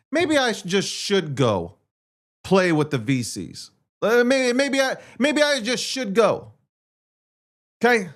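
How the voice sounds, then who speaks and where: A man hosting a livestream, talking in an intense, profane and repetitive rant. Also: high-pitched. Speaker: livestream host. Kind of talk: ranting livestream monologue.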